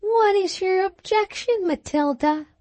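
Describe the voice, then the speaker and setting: A woman doing a shrill scandalized society lady. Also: unhurried, a little mellow, no room sound. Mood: indignant. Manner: shrill, disapproving and bitter.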